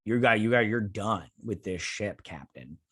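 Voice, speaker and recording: A man's voice: lowish voice, lively intonation, normal speed, fairly bright tone, breathy edge. A man hosting a casual show review, talking in a rambling way with many restarts and filler words.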